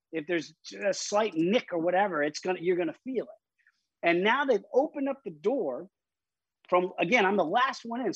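Husky-voiced man telling a story. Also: sits high, no echo, lo-fi sound. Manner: vivid, emphatic retelling with frequent restarts. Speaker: interview guest. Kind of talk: personal storytelling in conversation.

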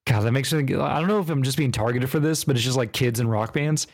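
A man's voice: mid-range voice, quick pace. A man co-hosting a podcast in casual chat, loose and rambling, with plenty of fillers and tangents. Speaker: podcast co-host.

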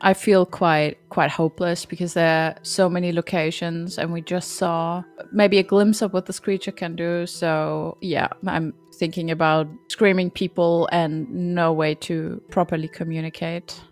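Woman with a lowish voice, thinking aloud. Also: little pitch movement, measured pace, hardly any pauses, soft background music. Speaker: player. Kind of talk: casual tabletop game chat.

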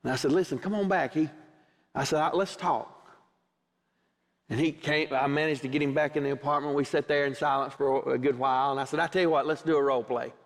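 Preacher in a reverberant church. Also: male voice, on the high side, fairly even intonation, fairly quick. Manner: storytelling preacher, acts out both sides of conversations. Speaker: pastor. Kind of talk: sermon. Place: church sanctuary. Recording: long hall reverb, church sanctuary.

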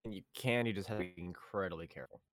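A young man chats on a podcast, loose and laid-back, dropping curses and quick jokey asides. The sound is dry and close. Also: low voice, dry recording. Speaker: podcast co-host. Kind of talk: casual chat.

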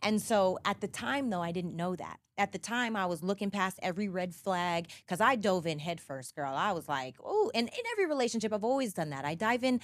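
A woman speaks candidly as a podcast guest, her voice at an ordinary middle pitch. She talks in emphatic, animated bursts and often starts a phrase over. The studio sound is close and dry. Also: fairly quick, few pauses, no room sound. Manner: emphatic, animated storytelling with frequent restarts. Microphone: studio podcast mic.

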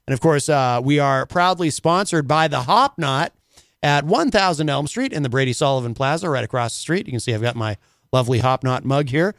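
A man's voice: mid-range voice, lively intonation, a little fast, fairly bright tone, no room sound, studio quality. A man hosting a casual talk radio show, rambling and full of filler words.

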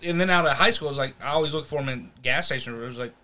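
A man's voice: mid-range voice, very fast, bright, forceful tone. Man, podcast co-host, rambling chat, restarts a lot, bursts of energy. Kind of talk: casual chat.

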